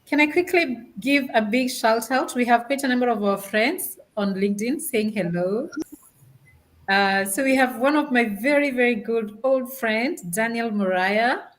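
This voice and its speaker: A woman's voice: a little high, unhurried, a little hiss or hum, rough recording. A woman from Africa hosting a live-streamed talk show, chatty, laughing often as she reads out greetings from viewers. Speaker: host.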